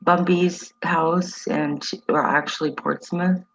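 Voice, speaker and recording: A woman co-hosting a casual livestream chat, chatty and animated as she reads out comments. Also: low-pitched, slow, creaky, muffled recording, a little hiss or hum. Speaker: co-host.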